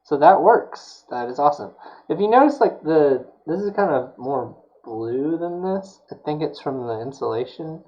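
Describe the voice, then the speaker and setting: A man's voice: on the high side, expressive, moderate pace, muffled recording. A man chatting casually while building a prop on a live stream, rambling and full of fillers. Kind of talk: casual chat while working.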